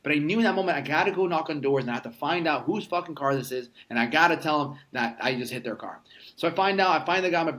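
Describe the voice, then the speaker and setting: A man's voice: fairly high pitch, lively intonation, fast, a bit bright. Emphatic, swearing man in his thirties. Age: 30s. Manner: emphatic, profane storyteller. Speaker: podcast guest. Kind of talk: casual conversation.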